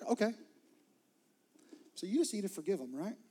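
A man's voice: high-pitched, big pitch swings, normal speed, dark tone, slightly rough, full character voice. A man preaching, voicing Jesus as a kind, patient, coaxing figure in a sermon. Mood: gentle. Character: gentle reassuring male Jesus speaking to a believer.

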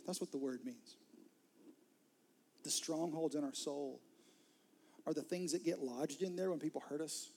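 A man's voice: on the high side, a little slow, long pauses, darkish tone, slight background noise. A man preaching a sermon as pastor, earnest, repeating words and sometimes dropping to a near whisper.

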